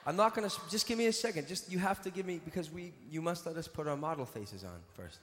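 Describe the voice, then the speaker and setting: A male stand-up comedian on a stage mic, teasing the crowd in a lively, bouncing voice pitched a bit high. The sound is roomy with a long hall reverb trailing behind each line, and the audience ambience is clearly audible underneath. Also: fast talker, background noise. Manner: playful, teasing banter with the audience. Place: large live venue stage.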